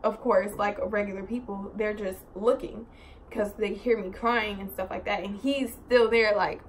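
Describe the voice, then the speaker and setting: A woman's voice: mid-range voice, moderate pace, a little hiss or hum. A young woman vlogging a story in a casual, rambling way, filling her talk with "like" and "so" and swearing in exasperation. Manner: rambling, animated, heavy use of "like" and "so".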